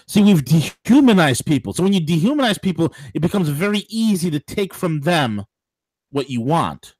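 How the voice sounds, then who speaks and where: A man hosting a political talk show, speaking in an animated, digressive way with laughing asides. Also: fairly high pitch, fairly quick, no echo. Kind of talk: political talk radio commentary.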